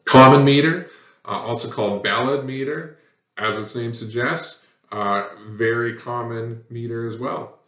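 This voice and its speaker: A man's voice: medium pitch, a little slow, sharp tone. Male teacher, plain explanatory delivery with filler words, in a lo-fi recording with a muffled top end. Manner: plain, explanatory, frequent ums and uhs. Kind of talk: recorded poetry lesson. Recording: roomy, dull lo-fi audio.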